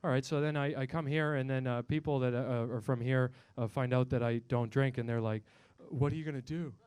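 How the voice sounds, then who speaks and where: A man's voice: medium pitch, little pitch movement, brisk, darkish tone, smooth, no echo. A young man from Canada doing a stand-up comedy set on a comedy club stage into a handheld mic, profane and rambling, with frequent restarts.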